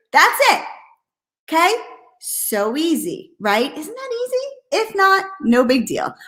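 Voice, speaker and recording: On a live stream, a woman coaches network marketers with energy and bluntness, speaking high and slowly. She keeps saying "okay?" and imitates hesitant and excited voices.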